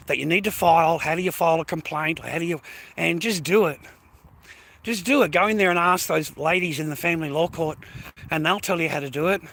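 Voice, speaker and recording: Australian man, vlog rant, heavy swearing, repeats himself, high voice, tense bright tone. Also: a little hiss or hum, low-quality recording. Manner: profane, repetitive, addresses viewers as mates and boys. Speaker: vlogger. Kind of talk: ranting casual monologue.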